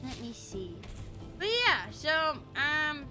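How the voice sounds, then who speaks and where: A woman streaming a game, chatting casually, expressive and swearing freely. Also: high-pitched, takes it slowly. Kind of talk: casual gameplay commentary. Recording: music behind the voice.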